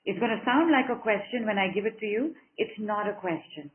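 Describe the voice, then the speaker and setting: A woman's voice: mid-range voice, expressive, fairly quick. Woman, group coach, encouraging, repetitive chanting phrases, tinny phone-like call audio. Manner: encouraging, affectionate, repeats phrases rhythmically. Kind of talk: guided group session over a call.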